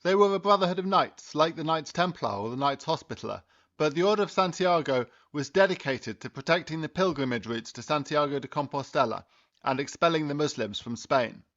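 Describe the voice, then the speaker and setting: A man's voice: on the high side, lively intonation, fairly quick, fairly bright tone, lo-fi sound. Dry, skeptical male history narrator. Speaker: history video presenter. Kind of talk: narrated history explainer with comic dialogue.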